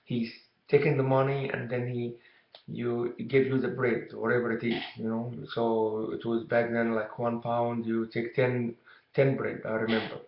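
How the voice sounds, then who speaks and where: A man's voice: mid-range voice, monotone, gravelly, a little hiss or hum. Rambling man telling a story. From Egypt. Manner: rambling, halting, fillers like you know. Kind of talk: casual storytelling to camera. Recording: dull, echoey room recording.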